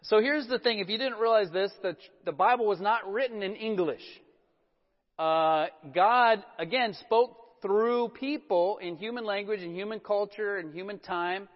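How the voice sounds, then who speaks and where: Middle-aged man, pastor, casual sermon, fairly high voice, echoing church hall. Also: moderate pace. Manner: relaxed, self-deprecating storytelling with many fillers. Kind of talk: conversational sermon. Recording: dull sound with a long church-hall reverb.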